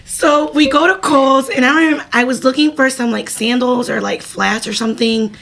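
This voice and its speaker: A woman's voice: sits high, fairly even intonation, normal speed, creaky, a bit bright. A young woman co-hosting a podcast, telling a story in casual chat with lots of laughing and fillers. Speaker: podcast co-host.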